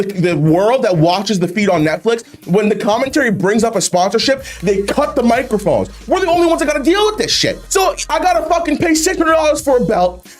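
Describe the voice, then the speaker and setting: A man hosting a video, ranting about wrestling in an exasperated, profane way with heavy swearing. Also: very high voice. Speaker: YouTube host reacting to wrestling memes. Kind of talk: ranting commentary.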